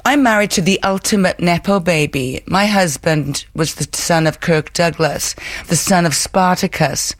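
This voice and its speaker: A woman's voice: lowish voice, measured pace, no room sound. A woman giving interview answers as a guest actress, earnest and emphatic, often repeating her words.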